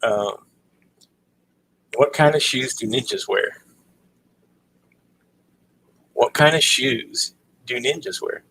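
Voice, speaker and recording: A man's voice: mid-range voice, slow pace, pushed and bright, rough recording. Giggly man telling dad jokes on a livestream. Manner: giggly, breaks into laughter at own jokes. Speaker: livestream host.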